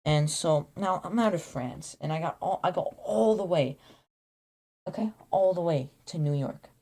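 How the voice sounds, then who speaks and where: A man telling an absurd made-up origin story in a rambling, deadpan way, full of restarts and acted-out quotes. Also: a little high, normal speed, creaky. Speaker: YouTuber.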